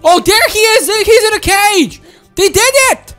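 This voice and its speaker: Excitable high-voiced woman gaming. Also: measured pace, faint music behind. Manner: excitable, exclaiming, childlike. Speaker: game streamer. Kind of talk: playful gameplay commentary in character.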